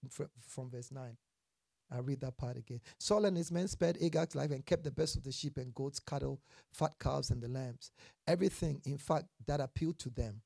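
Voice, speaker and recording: A preacher giving a sermon with Bible reading, asking the congregation questions and answering them, and building to emphatic loud passages. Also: medium pitch, gravelly, slightly rough, no echo, studio quality.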